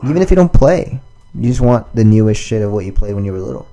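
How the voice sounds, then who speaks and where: Laid-back man with a dark voice. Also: on the low side, animated, fast, faint music behind. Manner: joking, laughs often. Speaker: podcast host. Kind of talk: casual podcast banter.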